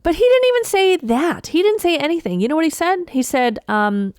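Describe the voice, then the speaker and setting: A woman's voice: very high voice, fairly quick, no room sound. Woman comic ranting on her podcast, fired up and sweary, dry close sound. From Toronto, Canada. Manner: animated, indignant, profane. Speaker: comedian podcast host. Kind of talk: storytelling monologue.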